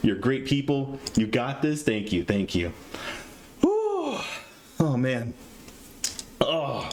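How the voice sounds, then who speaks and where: A man's voice: medium pitch, wildly swooping pitch, slow, darkish tone, a little hiss or hum. A man hosting a live stream between interview segments, talking to his chat in a jittery, self-deprecating way with nervous laughter. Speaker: stream host interviewing a voice actor.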